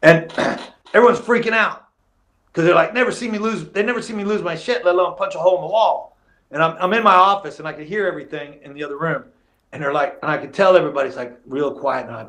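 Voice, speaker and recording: A middle-aged man with a slightly high voice tells fight stories as a podcast guest. He talks in an animated way, laughs through his anecdotes and often restarts his sentences, keeping it loose and casual. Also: fast. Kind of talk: casual storytelling interview.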